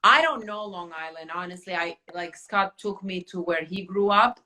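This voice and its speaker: A woman's voice: fairly low pitch, normal speed, pushed and bright. A woman hosting a podcast in casual chat, talking loosely with many fillers and restarts. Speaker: podcast host.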